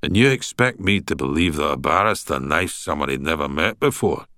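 A man's voice: extremely low pitch, animated, brisk, sharp tone, no room sound, studio quality, full character voice. A man voicing a blunt, skeptical male prisoner with a thick Glaswegian accent, asking hard questions. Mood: blunt, probing. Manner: blunt, interrogating.

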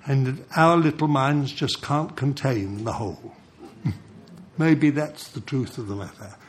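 An older man preaching a sermon, telling stories in an animated way and chuckling between points. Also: mid-range voice, slow, slight background noise. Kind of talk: sermon with storytelling.

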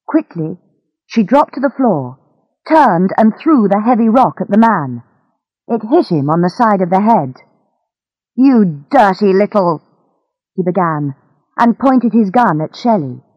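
Woman narrator for a learner audiobook; very slow, careful diction, dry and dull recording. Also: medium pitch, animated, dry recording. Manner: slow careful clear reading. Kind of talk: graded-reader audiobook narration.

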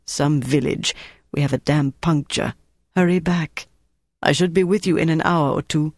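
A narrator voicing a brisk, commanding wartime German officer in an audiobook. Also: medium pitch, dry recording, studio quality, lightly acted. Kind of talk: audiobook character voice.

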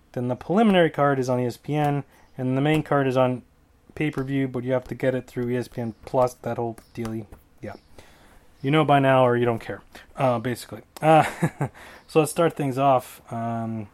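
Male host, casual and rambling, mid-range voice, quick self-corrections and offhand jokes. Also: medium pitch, a little mellow. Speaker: podcast host. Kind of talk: casual solo fight predictions.

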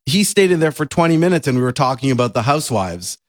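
A man's voice: medium pitch, big pitch swings, quick pace, dry recording, clean studio sound. A man in casual podcast chat, mischievous and chuckling as he recounts a prank.

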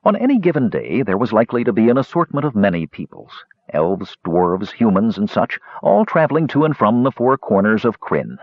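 A man reads a fantasy tale aloud with very lively, swooping intonation. His voice is a little husky. The recording is dry and somewhat dull. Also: on the low side, brisk, few pauses, dry recording. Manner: expressive storytelling. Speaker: narrator. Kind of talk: audiobook fantasy narration.

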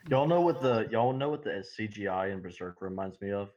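Lower-voiced man, dull lo-fi sound. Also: a little fast. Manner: rambling, animated storytelling with laughs. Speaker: podcast co-host. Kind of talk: casual chat.

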